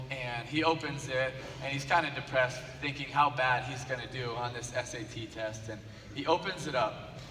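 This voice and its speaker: A man's voice: mid-range voice, a little hiss or hum. A man giving a motivational speech, telling a story with lots of repetition for emphasis. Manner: animated storyteller, repeats phrases for emphasis. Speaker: speaker. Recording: echoey hall, from far off, faint ambience.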